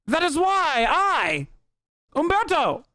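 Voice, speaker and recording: A man voicing a cartoonish, monocled male villain who is gleefully evil, in a high, theatrical voice with a transatlantic accent. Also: huge pitch swings, takes it slowly, pushed and bright, no echo, exaggerated voice. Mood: gloating.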